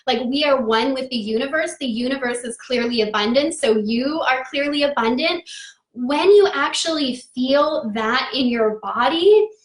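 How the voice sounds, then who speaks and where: A woman's voice: high voice, normal speed, echoey room. A woman in her thirties hosting a live-stream astrology talk, upbeat and affirming, greeting viewers by name.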